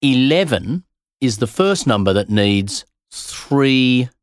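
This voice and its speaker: A man's voice: medium pitch, expressive, slow pace, no room sound, studio quality. A man hosting a science podcast, explaining a puzzle in a playful, teasing way. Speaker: podcast host. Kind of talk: casual science chat.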